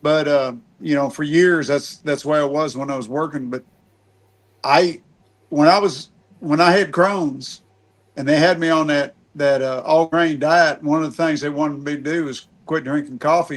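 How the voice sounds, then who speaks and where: A middle-aged man with a fairly high voice hosts a relaxed podcast conversation. He talks in a folksy, meandering way and restarts his sentences as he goes. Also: moderate pace. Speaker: podcast host. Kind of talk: casual podcast chat.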